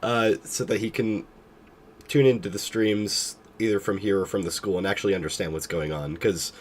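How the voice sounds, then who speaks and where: Young man, very low voice, sick and tired, rambling casual stream chat, faint hiss behind. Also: fairly even intonation, moderate pace. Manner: rambling, hesitant, self-deprecating. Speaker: gaming streamer.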